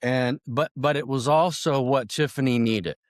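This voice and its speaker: A man's voice: mid-range voice, normal speed, dry recording, clean studio sound. A man speaking as a guest on an interview podcast, earnest and reflective, with small restarts. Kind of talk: conversational interview.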